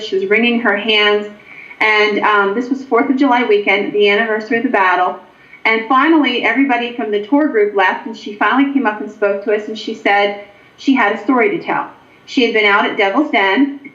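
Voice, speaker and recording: A woman recounting a ghost encounter at length, pausing on ums as she goes. Her voice sits a little high. The line sounds roomy and muffled, like a low-fidelity remote feed. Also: a bit bright. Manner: anecdotal, hesitant with frequent ums. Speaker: guest author and paranormal investigator. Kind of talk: storytelling in a show interview. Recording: echoey, dull lo-fi line.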